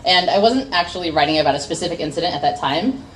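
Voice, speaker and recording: Low-voiced young woman poet, distant mic. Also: lively intonation, fast talker. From United States. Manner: awkward self-deprecating asides between impassioned poems. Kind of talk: spoken word poetry at an open mic. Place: café open mic night. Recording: distant mic with faint room noise.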